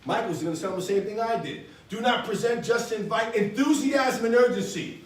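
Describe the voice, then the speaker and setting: Energetic man coaching a room from afar. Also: very high-pitched, normal speed. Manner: energetic, coaxing, acts out phone calls. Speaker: sales trainer. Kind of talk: motivational training talk. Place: meeting room with audience. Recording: echoey room from far off.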